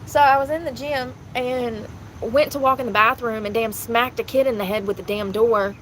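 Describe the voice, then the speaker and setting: A woman's voice: on the high side, steady tone, normal speed, fairly bright tone, a little hiss or hum, rough recording. A woman, rambling candidly to her viewers in a casual vlog, talking into the phone in her hand. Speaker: vlogger. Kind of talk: casual chat.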